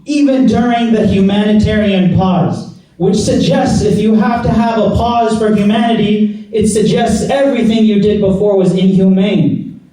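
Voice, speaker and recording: Man preaching a Friday sermon, fairly high, mellow voice, earnest and exhorting, big echoey hall, mic set back. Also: recorded from a distance. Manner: earnest, exhorting, rhetorical repetition. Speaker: imam giving Friday sermon. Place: mosque prayer hall.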